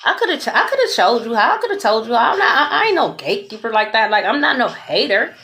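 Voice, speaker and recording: Sassy, high-pitched woman reading tarot. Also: fast talker. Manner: blunt, profane, sassy and animated; repeats "okay?" often. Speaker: tarot reader.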